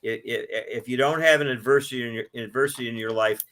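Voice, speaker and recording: A man in his sixties, a book author, telling his life story in an interview, with an animated delivery that swells when he is moved. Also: medium pitch, quick pace. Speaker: author guest.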